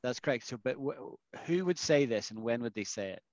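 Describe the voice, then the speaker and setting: A man's voice: medium pitch, animated, a little fast, highs cut off. A man teaching English phrases to a small online class, explaining and asking the class questions. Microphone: video call.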